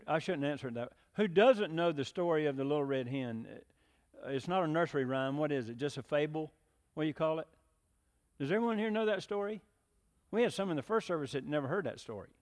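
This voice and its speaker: This pastor's voice is a little high and a little mellow as he preaches in a church sanctuary. He keeps his sermon conversational, frequently questioning the congregation, and the long hall reverb lingers around his words.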